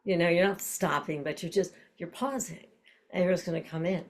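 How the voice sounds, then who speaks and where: A woman's voice: lowish voice, fairly even intonation, normal speed. An older woman teaching an online voice class, explaining breath and posture and demonstrating with tongue-twisters and nonsense syllables.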